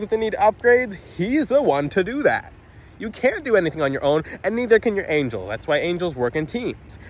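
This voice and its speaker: A man's voice: high-pitched, slight background noise. A man casually talking to a phone camera outdoors, emphatic and rambling, with frequent restarts. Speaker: spiritual video host.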